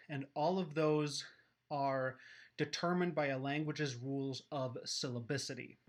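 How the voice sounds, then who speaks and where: A man's voice: medium pitch, a bit bright. A man teaching a lesson, explaining patiently and methodically with occasional fillers. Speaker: educator. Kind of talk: explanatory lecture.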